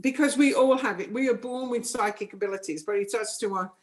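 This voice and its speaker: Frank New Zealand woman, higher voice. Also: brisk. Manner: frank, firm and matter-of-fact. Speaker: psychic medium guest. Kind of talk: casual interview chat.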